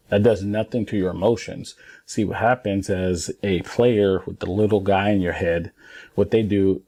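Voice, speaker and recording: A man in his thirties coaches parents and young players in a relaxed, earnest talk, leaning hard on key phrases and repeating them for weight. His voice sits a little low and sounds mellow and dark. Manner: earnest, emphatic, repeats points for stress. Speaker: former pro baseball player coaching parents and kids. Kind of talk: casual instructional talk to camera.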